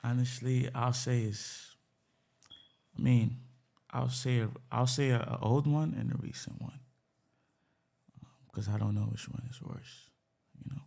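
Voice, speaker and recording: A man from Africa, a podcast guest, telling personal stories in a candid, halting way as he searches for words. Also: mid-range voice, fairly even intonation, creaky, mellow. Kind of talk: casual personal storytelling.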